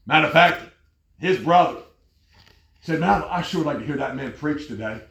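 A man preaching a fervent sermon, telling stories and rising to loud exclamations. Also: a little high, expressive, moderate pace, gravelly, roomy sound.

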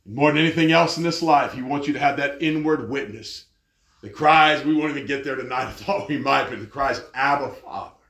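A man's voice: mid-range voice, brisk, creaky. Fervent preacher man, echoey hall. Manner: fervent, storytelling, rising to loud exclamations. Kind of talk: sermon.

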